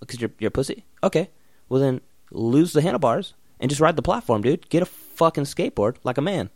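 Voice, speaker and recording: A man's voice: fairly high pitch, expressive, fairly quick, dry recording. Young man ranting and swearing, dry sound. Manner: blunt, swearing, loud bursts then mutters. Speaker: vlogger. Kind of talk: casual profane rant.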